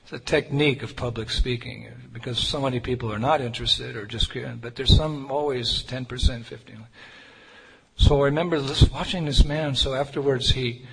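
A man's voice: medium pitch, steady tone, moderate pace, creaky, husky. A man preaching a sermon, telling a personal story in an earnest, conversational way. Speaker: Hare Krishna preacher. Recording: reverberant hall with faint noise.

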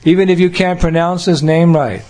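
A man's voice: on the high side, fairly even intonation, moderate pace, a little mellow. An older American man giving a devotional talk, playful, acting out little scenes and laughing along. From United States. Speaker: spiritual teacher.

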